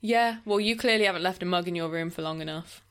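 A woman, co-hosting a podcast in relaxed conversation. Her voice sits fairly low, and she laughs often and wanders through her sentences with lots of "like.". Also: fast talker, clear, resonant tone. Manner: chatty, laughs often, trails off with "like". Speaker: podcast co-host. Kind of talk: casual chat.

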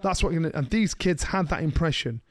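A middle-aged man, co-hosting a podcast, telling a story in a lively way and slipping into the voices of the people he quotes. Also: a little high, fast talker, crowd noise. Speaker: podcast co-host. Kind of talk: casual storytelling chat.

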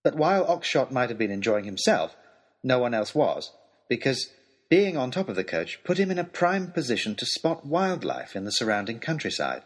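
A male storyteller reading a letter aloud in a wry, dry, polite tone. His voice is slightly husky and moves through a lively pitch range. It sits at a middle pitch. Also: moderate pace. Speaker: audiobook reader.

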